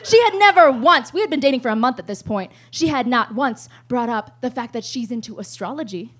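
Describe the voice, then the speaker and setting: Woman, high voice, live comic storyteller, swears freely and keeps laughing mid-story. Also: expressive, brisk, a bit bright, husky. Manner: rambling, profane, laughs often.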